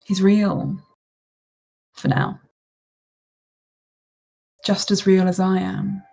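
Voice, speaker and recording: Woman doing a cryptic house-bound being, aloof, curt, solemn, mid-pitched. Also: completely flat delivery, drawn-out words, creaky, warm tone, full character voice.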